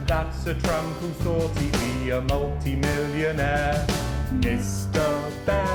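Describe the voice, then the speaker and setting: A female singer, low and unhurried, delivering a bleak mocking ditty. Guitar and other instruments play loudly under her, and the sound is roomy. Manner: sardonic singing. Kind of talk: sung mocking song. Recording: roomy song with loud instruments.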